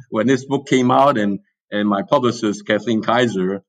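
A man's voice: on the low side, measured pace. A man, an author being interviewed, talking hesitantly and modestly with frequent laughs.

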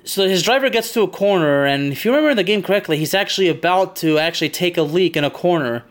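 Chatty man with a slightly high voice. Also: animated, quick pace. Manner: rambling, chatty, laughs often. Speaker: podcast host. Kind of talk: casual game recap from memory.

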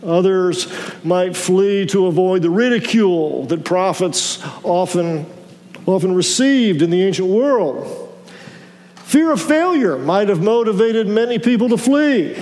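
Man, pastor, sermon, halting restarts, high-pitched, echoing sanctuary. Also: darkish tone. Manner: measured preaching with halting restarts.

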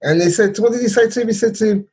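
A man's voice: sits high, rapid-fire, darkish tone. A man, co-hosting a casual podcast and telling a football story, checking in with "yeah?" and "bro". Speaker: podcast co-host. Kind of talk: casual chat.

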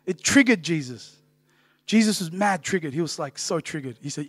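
A man's voice: fairly high pitch, animated, moderate pace, a bit bright, no room sound. A man, preaching a casual, joking sermon full of "right?" tags. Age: 30s. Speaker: pastor.

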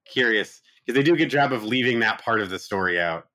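Lively low-voiced man, bright tone. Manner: reactive, quick exclamations, swears. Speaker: podcast co-host. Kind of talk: casual chat.

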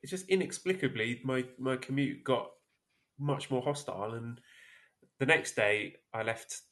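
A man's voice: medium pitch, animated, measured pace, a bit bright. Self-mocking male podcast host. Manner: rambling, self-mocking, laughs at himself. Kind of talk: casual podcast chat.

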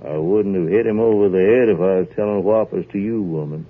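An actor playing a slow, laconic husband, in an old-time radio drama. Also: male voice, low-pitched. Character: slow, simple rural husband, a killer, low-key. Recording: tinny old radio broadcast.

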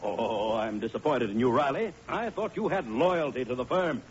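Brisk, breezy boss played by a man, lively pitch, muffled 1940s radio. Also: natural voice. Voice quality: brisk, brushing objections aside. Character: brisk, self-assured company boss. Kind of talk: 1940s radio sitcom acting. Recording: muffled old radio broadcast with hiss.

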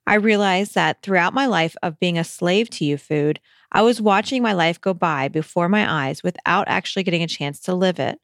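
Woman, podcast host, reassuring conversational advice talk, somewhat low-pitched, dry recording. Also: normal speed, no echo. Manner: reassuring, conversational, with hesitant restarts. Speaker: podcast host answering listener letters.

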